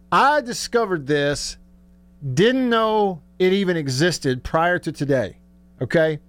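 A man hosting a sports talk radio show, telling stories excitedly and laughing often. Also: on the high side, takes it slowly, pauses often, smooth.

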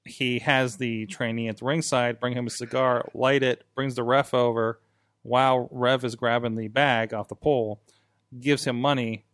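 A male podcast host in a studio, telling match stories in a casual, animated way and laughing as he goes. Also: mid-range voice, normal speed, no room sound. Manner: animated storyteller, laughs while recounting. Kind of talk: casual chat.

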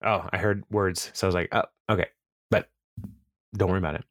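A man's voice: low voice, steady tone, fast talker, no echo, studio quality. A man hosting a podcast, casually recapping episodes, rambling and often laughing as he quotes characters. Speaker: podcast host.

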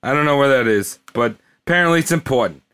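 A man's voice: medium pitch, expressive, quick pace, a bit bright, clean tone. A man casually retelling a history story to friends, rambling, swearing freely and laughing along. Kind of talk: casual comedic history chat.

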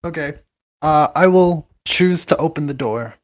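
A player in a tabletop role-playing game who rambles playfully and stumbles over the words. The voice sits at a middle pitch. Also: measured pace.

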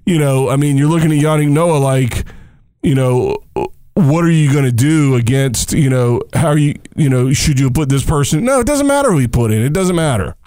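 Animated joking male tennis co-host. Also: a little high, moderate pace, no room sound, clean studio sound. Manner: animated, jokey, talks over his co-host, emphatic rhetorical questions. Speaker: coach. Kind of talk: casual sports chat.

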